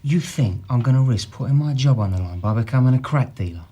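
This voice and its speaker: An actor playing an evasive Cockney suspect. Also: male voice, mid-range voice, expressive, fast talker, warm tone, natural voice. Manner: defensive, evasive. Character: evasive young male city trader suspect. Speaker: suspect in police interview.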